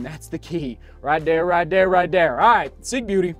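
Male vlogger, high voice, a little winded, excitable unboxer. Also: moderate pace, few pauses, soft background music. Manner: exclaims and gasps a lot. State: slightly out of breath. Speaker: running vlogger. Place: hot home studio.

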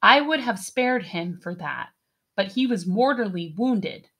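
A woman's voice: mid-range voice, lively intonation, measured pace, a bit bright, husky, full character voice. A woman voicing a commanding female pirate captain, cool and stern, giving curt orders in an audiobook reading. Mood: reflective. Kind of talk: audiobook character voice.

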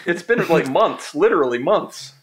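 A man's voice: fairly high pitch, animated, moderate pace. A man co-hosting a podcast, musing casually and swearing at times. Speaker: podcast co-host.

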